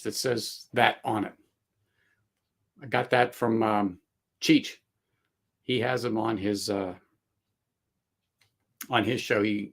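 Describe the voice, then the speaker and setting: Gravelly man hosting casual livestream chat. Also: lowish voice, fairly bright tone. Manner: rambling, laughs often, many fillers and restarts. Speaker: livestream host.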